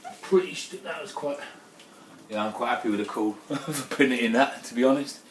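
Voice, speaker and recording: A man's voice: medium pitch, a little fast. A man chatting casually and swearing as he works through a home brew day, talking straight to his viewers. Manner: chatty, sweary, prone to exclamations. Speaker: home brewer. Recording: roomy, distant mic, faint background noise.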